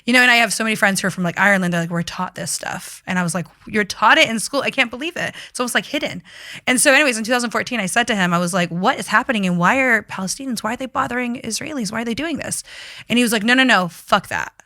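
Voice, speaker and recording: A woman talking as a guest in a casual interview, animated and emphatic as she tells her story. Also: on the high side, very fast, no room sound, studio quality. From United States.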